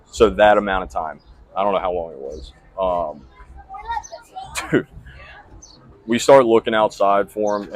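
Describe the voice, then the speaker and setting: A man's voice: lowish voice, poor audio. A young man telling a rambling, profane story in casual podcast chat. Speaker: podcast host.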